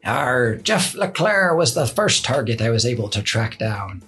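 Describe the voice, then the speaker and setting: A podcaster doing a gravelly assassin pirate. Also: medium pitch, sing-song, measured pace, a bit bright, faint music behind. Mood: boastful. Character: male assassin pirate telling his backstory. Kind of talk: podcast pirate character bit.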